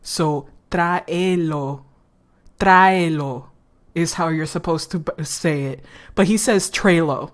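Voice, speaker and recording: A woman's voice: deep voice, moderate pace, few pauses, a little mellow. A woman streamer, chatting casually and swearing freely as she drifts between topics. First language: Spanish.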